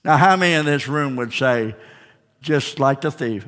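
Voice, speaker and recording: A man's voice: medium pitch, moderate pace, a bit bright. A male pastor preaching a fervent sermon with repeated refrains and call-and-response, recorded in a church sanctuary. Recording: long church reverb.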